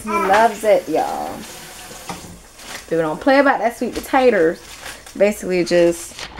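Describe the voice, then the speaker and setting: A young woman talks her viewers through dinner in her home kitchen, unhurried and chatty, full of slangy asides. Her voice sits in an ordinary middle range. Loud sizzling from the pan runs under everything she says. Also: mid-range voice, very animated, a little hiss or hum, rough recording. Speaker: vlogger. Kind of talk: casual cooking vlog chat. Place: home kitchen while frying food. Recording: loud frying sizzle in the background.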